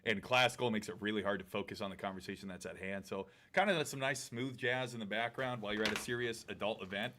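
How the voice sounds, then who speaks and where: A man's voice: lowish voice, quick pace, hardly any pauses, bright, forceful tone. A man in his thirties co-hosting a podcast in casual chat, blunt and joking. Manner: blunt, joking, with swooping voices and laughs. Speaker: podcast co-host.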